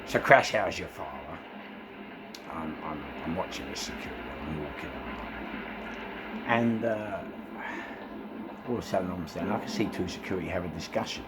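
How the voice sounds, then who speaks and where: A middle-aged man with a London accent telling a nightclub security story, animated, laughing often and swearing freely. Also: low-pitched, moderate pace, background noise. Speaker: former nightclub security boss. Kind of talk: storytelling anecdote. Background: background music.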